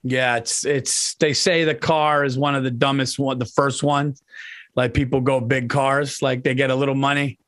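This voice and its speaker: A man's voice: medium pitch, little pitch movement, normal speed, fairly bright tone. A man co-hosting a casual comedy podcast, indignant and profane, starting and restarting his sentences. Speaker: comedian co-host.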